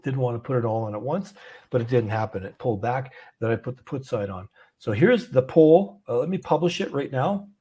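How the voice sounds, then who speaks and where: This is a man hosting a live market webinar, heard through a video-call mic. His voice has a slightly husky edge, and he talks in a loose, unpolished way. He thinks aloud as he goes, with plenty of fillers and restarts. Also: medium pitch, expressive, fairly quick, warm tone. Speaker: host of a trading webinar. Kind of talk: live conversational market talk.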